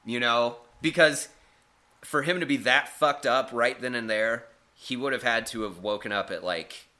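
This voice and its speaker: A man's voice: medium pitch, moderate pace. A man telling a rambling, profane story in casual podcast chat, acting out the people in it. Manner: profane, animated, acts out quotes.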